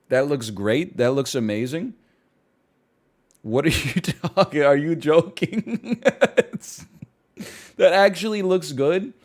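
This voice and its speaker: A man streaming a casual chat, ranting in disbelief with frequent laughs. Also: mid-range voice. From Canada. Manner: incredulous, animated ranting with laughs.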